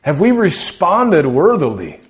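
A man preaching a sermon in a conversational way, asking rhetorical questions and often dropping his voice low for emphasis. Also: huge pitch swings, a little slow.

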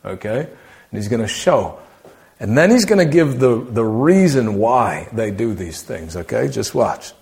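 A man preaching a sermon in a conversational way, asking rhetorical questions and often dropping his voice low for emphasis. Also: big pitch swings, unhurried, creaky, a little mellow.

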